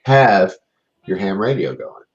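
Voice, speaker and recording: A man's voice: fairly low pitch, expressive, slow. A man joking loosely as a guest on a casual online panel. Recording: dull lo-fi call audio.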